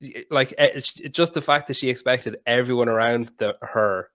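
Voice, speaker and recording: A man hosting a podcast, telling a story with animated quoted dialogue and plenty of swearing. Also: mid-range voice, normal speed. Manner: animated anecdote-telling, swears freely, mimics people in quotes. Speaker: podcast host. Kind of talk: casual podcast conversation, storytelling.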